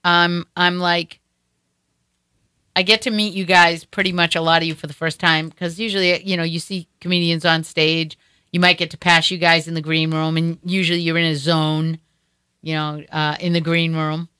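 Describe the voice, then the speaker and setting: A woman's voice: fairly low pitch, level tone, moderate pace, bright, forceful tone, clear, resonant tone. Chatty Boston woman hosting a talk show. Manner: chatty, rambling with many restarts and fillers. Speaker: host. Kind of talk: casual interview chat.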